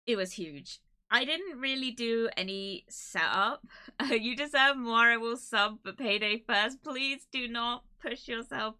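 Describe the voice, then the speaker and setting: A woman's voice: mid-range voice, bright, forceful tone. A young woman streaming live, chatting casually and emotionally, laughing and close to tears as she thanks her viewers.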